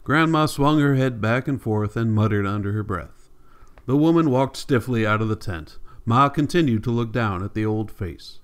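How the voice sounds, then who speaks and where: A man narrating a classic novel as an audiobook, steady and measured. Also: medium pitch, clean tone. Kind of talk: scripted narration.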